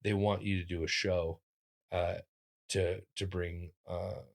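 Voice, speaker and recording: Comedian guy telling stories, lowish voice that jumps way up when he does other people, lots of ums and restarts. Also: slow, gravelly. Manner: animated, acts out quoted voices with big pitch jumps; talks in restarts and fillers, lively physical-comic energy. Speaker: comedian guest. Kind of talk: casual interview storytelling.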